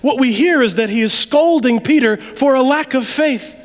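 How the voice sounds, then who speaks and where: A man delivers a sermon in a church sanctuary. He talks to the congregation in a lively, conversational way, sometimes dropping to a near-aside. His voice carries a long reverb from the large hall. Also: very high voice, normal speed. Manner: conversational, animated preaching with sudden drops to quiet. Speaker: preacher.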